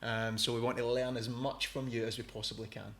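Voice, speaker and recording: A man's voice: mid-range voice, little pitch movement, fairly quick, creaky, a bit bright. A man with a Scottish accent hosting a podcast, chatting casually and rambling a little as he sets up his questions. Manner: chatty, rambling, laughs easily. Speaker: podcast host. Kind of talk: casual interview chat.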